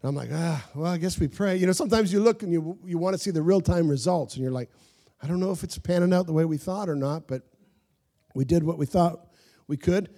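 Animated preaching pastor, mellow voice. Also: male voice, on the high side, fast talker. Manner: animated storytelling with laughs and asides to the congregation. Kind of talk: sermon.

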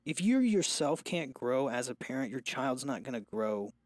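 A man's voice: mid-range voice, very animated, normal speed, no room sound. A young man, a father, talking candidly and rambling in a casual podcast chat, restarting and trailing off.

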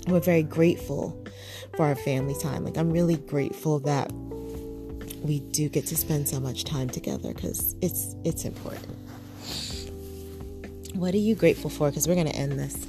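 A woman's voice: deep voice, normal speed, long pauses, over music. A woman and mother hosting a podcast, chatting casually and earnestly with frequent fillers and restarts. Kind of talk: casual chat.

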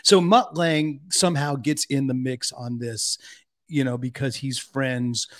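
Relaxed, joking male podcast host. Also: mid-range voice, a little slow. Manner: relaxed, joking, laughs often. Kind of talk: casual interview chat.

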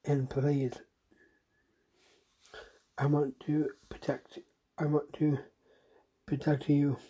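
A podcast host talks slowly in an earnest, deliberately sad voice, stumbling and repeating words as they go. The tone stays mellow and flat, with little rise or fall. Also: mid-range voice, husky, low-quality recording. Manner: halting and repetitive, restarting phrases. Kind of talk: personal spoken message to a friend.

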